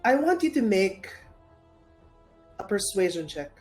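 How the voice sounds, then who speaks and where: A woman narrating a tabletop game as game master, unhurried with frequent fillers. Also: mid-range voice, big pitch swings, darkish tone, faint music behind.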